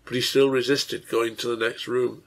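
A man narrating his own translation of a nineteenth-century serial novel in a measured, earnest storytelling manner. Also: mid-range voice, little pitch movement.

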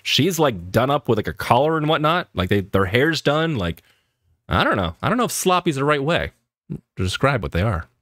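A man's voice: medium pitch, a little fast. A man from Boston with an American accent, chatting casually as he reacts to a video, with lots of fillers. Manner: animated, chatty, many fillers.

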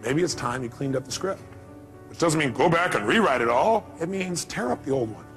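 A motivational speaker addresses a live seminar crowd in a high voice. He talks emphatically and keeps firing rhetorical questions at the audience, with faint music behind him. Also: animated, fairly quick, fairly bright tone.

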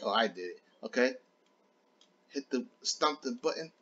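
A man playing a video game with his young child, giving casual, excitable commentary, laughing often and cheering on other players. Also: mid-range voice, moderate pace, dull audio.

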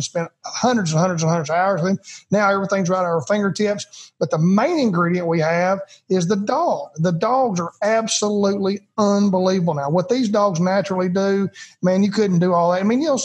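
Husky, high-pitched man talking dogs. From United States. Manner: emphatic, folksy, repeats words. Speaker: retriever trainer, podcast guest. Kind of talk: casual interview talk.

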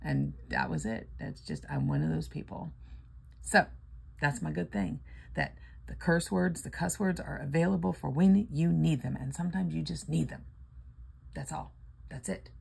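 A woman's voice: sits low, expressive, moderate pace, creaky, a little mellow, breathy edge. An older woman casually chatting and reading out numbers while scratching lottery tickets, playful and sleepy. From Florida. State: sleepy, yawning.

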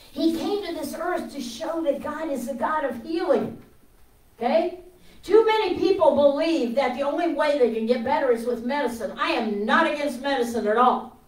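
Woman preacher, high voice, gets loud then goes real quiet, echoey room from far off. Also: a little hiss or hum. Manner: impassioned, swings from loud to hushed. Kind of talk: sermon.

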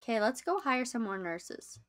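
A young woman chatting casually to viewers as she plays a game on a live stream, easily excited. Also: on the high side, moderate pace.

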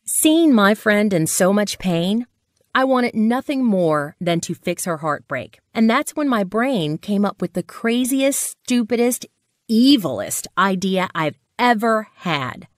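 A woman's voice: medium pitch, sing-song, slow, dry recording, clean studio sound. Dramatic woman narrating a sales story.

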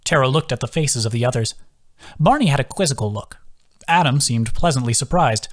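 A man's voice: medium pitch, brisk. A man reading his own fantasy novel aloud as audiobook narration. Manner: lively, expressive reading.

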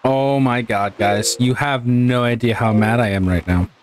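A man's voice: mid-range voice, unhurried. A man giving gameplay commentary, exasperated, swearing and laughing at himself as he plays. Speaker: gaming channel host.

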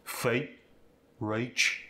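A man's voice: mid-range voice, lively intonation, a little slow, fairly bright tone, echoey room. A man voicing a cheeky Cockney Londoner, demonstrating example lines with tag questions in a broad put-on accent.

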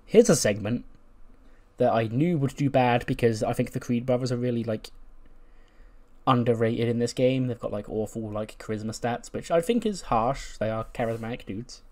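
The speaker is a gaming YouTuber casually commentating a wrestling sim run, his middle-pitched voice a little mellow. Chatty throughout, he laughs and acts out the characters' lines in quick voices.

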